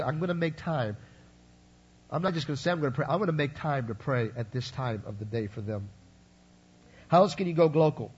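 High-voiced husky preacher. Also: male voice, highs cut off. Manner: conversational preaching, frequent "right?" and "you follow?" asides. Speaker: pastor. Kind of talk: sermon.

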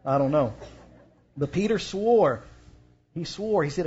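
Husky, higher-pitched Texan man, relaxed slangy preacher, dull lo-fi recording. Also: normal speed, long pauses. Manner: casual, conversational retelling with slang and fillers. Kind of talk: sermon.

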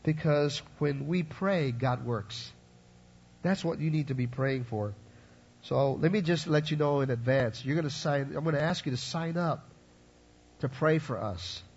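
A man's voice: a little high, unhurried, a little mellow, breathy edge, highs cut off. A man preaching a sermon to his congregation in a conversational way, checking in with asides to the listeners. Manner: conversational preaching, frequent "right?" and "you follow?" asides. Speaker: pastor.

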